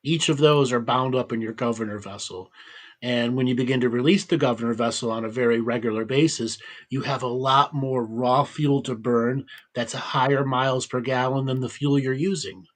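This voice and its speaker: A man's voice: mid-range voice, steady tone, normal speed. Guy hosting a video call show, keeps checking okay?, plain mid voice. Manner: coaching, checks in with repeated "okay?". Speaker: host and healer. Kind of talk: casual chat.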